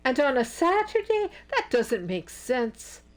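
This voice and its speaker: Brief: narrator doing a high, loud, disbelieving woman pilgrim, audiobook. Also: very animated, measured pace, soft background music. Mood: incredulous. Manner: high, incredulous exclaiming.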